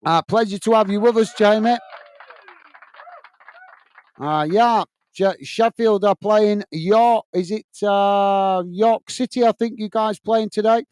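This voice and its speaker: Chatty man hosting, clear voice. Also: high voice, takes it slowly, a little mellow. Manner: casual, reads out viewer comments, many fillers. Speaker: host. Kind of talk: live football watch-along chat.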